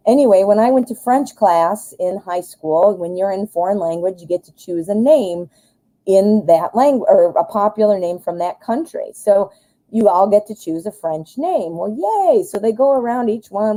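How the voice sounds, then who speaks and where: Heard through a low-quality recording, a married American woman hosting a live tarot stream talks at a normal pace with a warm, animated, mid-pitched voice. She thinks aloud, leans on fillers, chases tangents, and laughs at herself.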